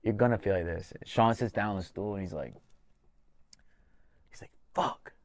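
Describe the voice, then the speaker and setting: A man hosting a casual podcast, telling fight stories with animated, profane retellings of corner talk. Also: fairly low pitch, normal speed. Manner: animated storyteller, swears freely, acts out corner talk. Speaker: podcast host and MMA coach.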